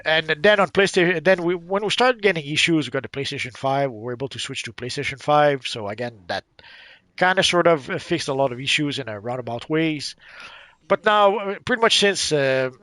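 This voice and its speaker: A man hosting a casual gaming livestream, halting and repeating words with many fillers. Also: fairly high pitch, lively intonation, bright, forceful tone, dry recording. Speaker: livestream host.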